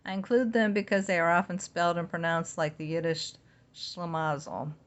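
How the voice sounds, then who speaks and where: Low-voiced woman reading aloud casually. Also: steady tone, normal speed, lo-fi sound. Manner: reads entries, then adds chatty side remarks. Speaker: podcast host reading from a book.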